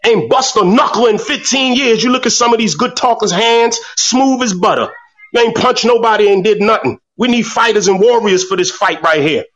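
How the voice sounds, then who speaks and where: Angry, high-voiced man on a phone line, profane and repetitive. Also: normal speed, fairly bright tone. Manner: fiery, profane, repeats words when worked up. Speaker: speaker in an online voice room. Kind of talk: impassioned rant. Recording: distant, breaking-up phone audio.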